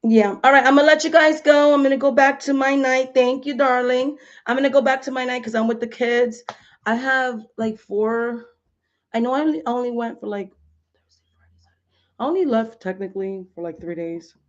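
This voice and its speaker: A woman's voice: high-pitched, fairly even intonation, normal speed. A woman in her thirties hosting a live stream from home, chatting casually and animatedly in slangy talk full of fillers. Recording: dull lo-fi stream audio.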